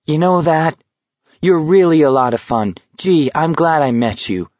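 A man's voice: on the high side, animated, measured pace, a little mellow, no echo, dull audio, pitched above the performer's own voice. A man voicing a weary, sarcastic young man.

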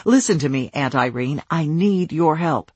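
A narrator voicing a desperate father pressing for help, speaking in a low, tense register, recorded dry. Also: lively intonation, normal speed, a little mellow, slightly rough, dry recording. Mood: urgent, pressing. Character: desperate father searching for his missing daughter.

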